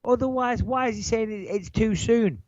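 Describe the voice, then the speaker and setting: A man's voice: sits high, moderate pace, no echo, lo-fi sound. Brash nasal Manchester-area English man. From England. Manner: brash, swearing, animated. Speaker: podcast co-host. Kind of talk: casual podcast banter.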